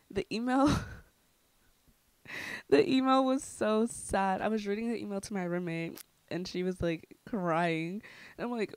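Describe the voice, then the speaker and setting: A young woman vlogger telling a casual story, chatty and full of fillers, with dark jokes. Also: medium pitch, normal speed, dry recording. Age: young adult. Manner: chatty, filler-heavy, darkly joking.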